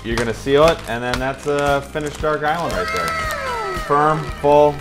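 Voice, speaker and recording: A man's voice: fairly high pitch, steady tone, normal speed, over loud music. A man showing how to bag popcorn while coaching acting, talking casually and laughing often in a popcorn shop. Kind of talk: casual hands-on demonstration.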